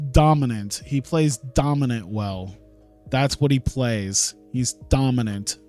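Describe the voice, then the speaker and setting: A man's voice: medium pitch, a little mellow, smooth. A man casually talking through a wrestling management game on a live stream, thinking aloud, chuckling and swearing now and then. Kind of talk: casual gaming stream commentary.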